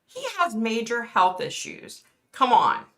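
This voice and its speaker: A woman's voice: on the high side, sing-song, a little slow, pushed and bright. A middle-aged woman hosting a casual live stream, chatting with viewers in a chatty, outspoken, fired-up way with mild swearing. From East Coast of the United States. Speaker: livestream host reading viewer chat.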